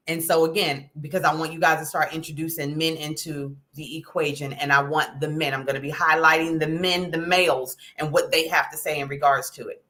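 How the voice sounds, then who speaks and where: A middle-aged woman hosting a casual talk, folksy and animated, often checking in with "okay?". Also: low voice. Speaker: host. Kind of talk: casual talk to a live audience.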